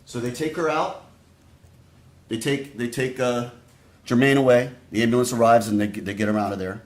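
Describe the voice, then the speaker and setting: Male prosecutor addressing a jury, measured and direct, mid-pitched voice, courtroom echo. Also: fairly even intonation. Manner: deliberate, speaks straight to the jurors. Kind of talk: opening statement to a jury. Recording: echoey courtroom audio.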